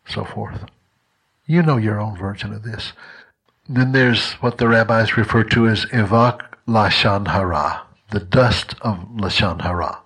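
A man's voice: fairly low pitch, unhurried, fairly bright tone, breathy edge. A man preaching a sermon in a conversational, earnest way, telling a personal story and often restarting his sentences.

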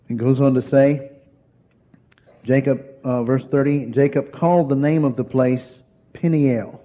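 Male preacher, slow emphatic sermon, hushed storytelling, mid-pitched voice, dull lo-fi recording.

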